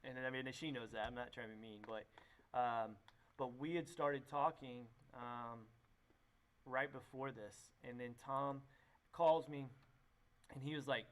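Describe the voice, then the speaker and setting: A man's voice: medium pitch, steady tone, normal speed, a bit bright. A young man, a youth pastor, telling his story in a casual, rambling way with many fillers and restarts. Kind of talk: casual testimony conversation.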